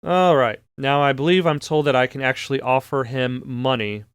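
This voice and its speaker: A man's voice: medium pitch, fairly even intonation, normal speed, clear, resonant tone, no room sound, clean studio sound. A man hosting a let's play, giving casual gameplay commentary as he reads game text aloud with wry asides.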